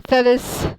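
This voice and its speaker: A young American woman streaming a visual novel as a VTuber, chatting in an animated, rambling way with frequent laughs and somewhat polite phrasing. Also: dry recording, low-quality recording. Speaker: VTuber let's-play streamer. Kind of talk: casual game commentary.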